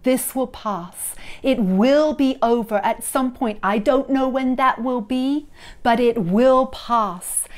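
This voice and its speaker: A woman minister preaching a sermon, expressive, moving between emphatic peaks and hushed tones, and leading the listeners in repeated affirmations. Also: a little high. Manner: leads the congregation in repeated affirmations. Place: church, recorded for online service.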